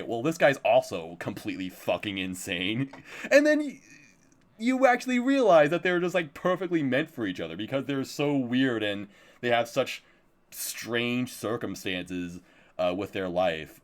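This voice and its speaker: A man's voice: on the low side, moderate pace. A man streaming live, chatting casually about upcoming anime, swearing freely and laughing often.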